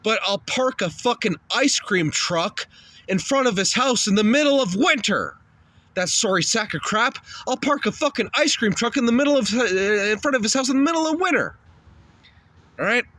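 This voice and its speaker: A man's voice: very high voice, animated, moderate pace, sharp tone, no room sound. A man hosting a shock-humour comedy show, ranting crudely and insulting people.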